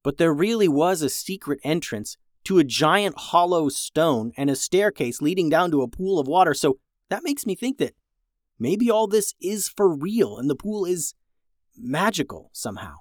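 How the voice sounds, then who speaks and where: In a storybook reading, a reader voices a bold, curious boy who suddenly breaks into shouts. The delivery is natural and mid-range yet pitched above the performer's own voice, with big pitch swings at normal speed, recorded clean in a studio with no room sound.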